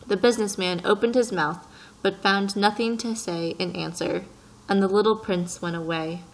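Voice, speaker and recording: A woman narrating a story in a calm, even audiobook reading. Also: fairly low pitch, fairly quick, rough recording.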